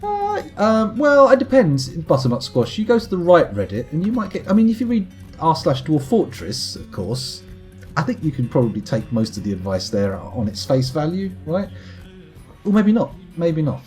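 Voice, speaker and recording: A man's voice: a little high, huge pitch swings, normal speed, a little mellow, faint music behind. Rambling man streaming a game. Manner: rambling, wry and self-mocking. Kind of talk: casual live-stream chat while gaming.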